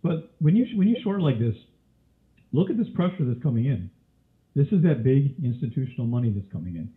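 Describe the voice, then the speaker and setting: A man's voice: medium pitch, animated, a little fast. A man teaching a live trading webinar, quizzing his listeners with question after question, with a cough and a scratchy throat. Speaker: trading instructor. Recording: tinny phone-like audio.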